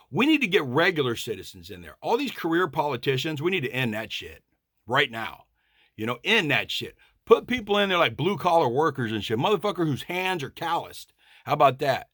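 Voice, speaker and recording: Gravelly, animated ranting man. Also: fairly high pitch, dry recording, studio quality. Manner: profane, blunt, emphatic. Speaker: vlogger. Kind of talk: political rant monologue.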